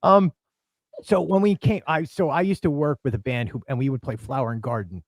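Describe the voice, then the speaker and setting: A man hosting a casual fan podcast, telling animated stories and acting out quoted lines with big swings of pitch. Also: a little fast, dry recording. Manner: excitable, acts out quotes with big jumps in pitch. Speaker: podcast host. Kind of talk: animated storytelling chat.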